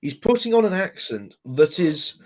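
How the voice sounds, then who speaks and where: A man's voice: high-pitched, sing-song, normal speed, a little mellow. A man co-hosting a podcast in casual chat, asking questions and tripping over his words. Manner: inquisitive, trips over words. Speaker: podcast co-host.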